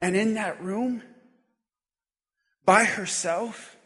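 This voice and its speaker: A male pastor delivers a sermon with a high, ringing voice and a bright, forceful edge. He preaches with passion, driving home repeated refrains. The sound carries a long church-hall reverb. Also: extremely slow.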